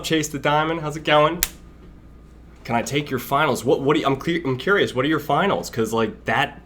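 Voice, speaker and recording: A man's voice: mid-range voice, fairly bright tone, slight background noise. Chatty young man hosting a live stream. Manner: rambling, chatty, greets chat by name, laughs often. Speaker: livestream host. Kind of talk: casual live stream chat.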